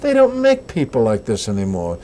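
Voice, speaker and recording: An older man chatting in an interview, his pitch swinging lively up and down as he tells his stories. He acts out the voices of people he met, at a middle pitch. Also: fairly quick, a little hiss or hum. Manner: animated anecdotes with acted-out quotes. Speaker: actor being interviewed. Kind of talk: casual interview storytelling.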